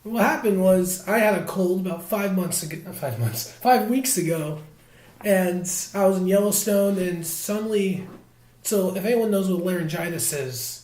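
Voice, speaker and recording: A young man with a hoarse voice from laryngitis, co-hosting a casual podcast and rambling with many fillers. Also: high voice, moderate pace, darkish tone, echoey room. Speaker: podcast co-host. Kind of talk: casual chat.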